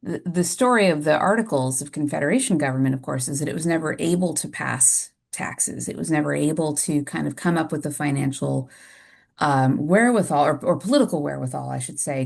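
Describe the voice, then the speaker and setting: A woman moderates a Q&A in a low voice with a gravelly fry at the edges of her words. She speaks informally, passes on audience questions and mixes in her own musings. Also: a little mellow.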